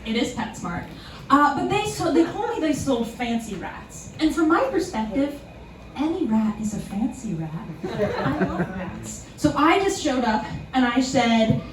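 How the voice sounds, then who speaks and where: A young woman doing a live stand-up set in a small club, self-deprecating and chuckling through her punchlines. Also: a little high. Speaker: stand-up comedian. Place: small comedy club theater, live audience. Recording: echoey club room, distant, noisy.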